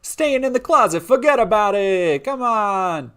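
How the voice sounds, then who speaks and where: A man putting on a loud stereotyped mafia bar owner with a brash mock Italian-American accent. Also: high voice, expressive, normal speed, pitched above the performer's own voice.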